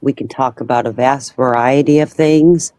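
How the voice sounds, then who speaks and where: A woman co-hosting a casual livestream who talks in a steady, plain way and reads a passage aloud. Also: a bass voice, moderate pace, dry recording.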